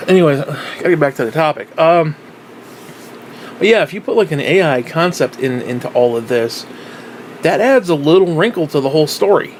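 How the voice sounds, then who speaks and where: A man's voice: a little high, lively intonation, normal speed, pauses often, slight background noise, rough recording. A man rambling through a casual vlog monologue, swearing freely and circling back with lots of fillers and restarts. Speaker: vlogger.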